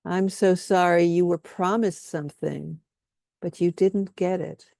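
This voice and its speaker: A woman leading a guided healing workshop, speaking softly and soothingly as she has the group repeat statements after her. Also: fairly low pitch, fairly even intonation, unhurried, creaky, no room sound, studio quality. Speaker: workshop leader.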